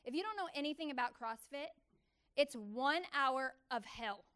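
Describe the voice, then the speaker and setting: A woman preaching a testimony sermon to a church gathering, telling her story with animated, emphatic repetition. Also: high-pitched, normal speed. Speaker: church speaker.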